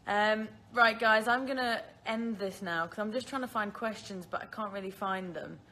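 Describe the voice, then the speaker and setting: Her mid-range voice has a bright, forceful tone and moves at normal speed. A woman in her twenties from the Isle of Man with a British accent, she answers viewer questions on a casual phone livestream, laughing at herself often.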